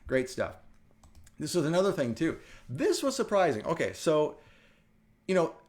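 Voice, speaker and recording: A middle-aged man from the United States hosting a casual wellness talk, telling stories with animated energy and frequent laughter. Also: on the high side, moderate pace. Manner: animated storytelling, laughs often. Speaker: wellness show host. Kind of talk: casual chat.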